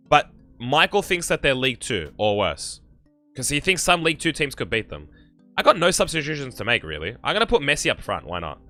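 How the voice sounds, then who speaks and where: A man's voice: medium pitch, bright, forceful tone. A young Australian man with an Australian accent, chatting on a live game stream and reading viewer comments aloud in a rambling way. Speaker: gaming streamer.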